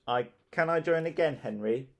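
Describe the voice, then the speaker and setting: A man's voice: fairly high pitch, normal speed, voice pushed up, lightly acted. A man voicing a whiny little goody-goody boy who wails and pleads in a storybook reading. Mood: pleading. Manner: wailing, pleading.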